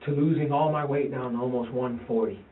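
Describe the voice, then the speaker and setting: A man, a father in a police interview, talking haltingly, repeating himself and quoting his sons. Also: medium pitch, steady tone, a little hiss or hum. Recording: tinny, roomy, distant interview-room recording.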